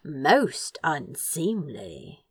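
A woman's voice: sits low, big pitch swings, extremely slow, husky, no room sound, voice pushed down, full character voice. A woman voicing a dry, teasing masked young man who speaks in a wry, understated way.

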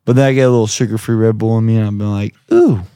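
Young man, casual rambling chat, lots of swearing, lowish voice, dry close sound. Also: steady tone, very fast, warm tone, smooth, no room sound. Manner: laid-back, profane, rambling. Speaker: worker talking about his job.

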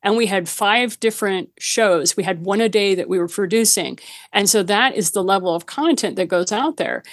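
Brief: woman podcast guest, practical, frank, dry close mic, mid pitch. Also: moderate pace, no echo. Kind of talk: casual podcast conversation.

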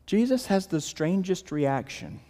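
A man preaching a sermon as pastor, his delivery moving between raised emphasis and hushed, quiet lows. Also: animated, unhurried, big-room sound.

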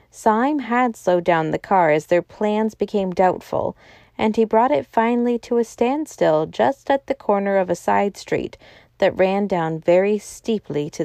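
A woman narrating a novel as an audiobook, reading in a steady, measured way. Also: medium pitch, no room sound, clean studio sound. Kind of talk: scripted storybook narration.

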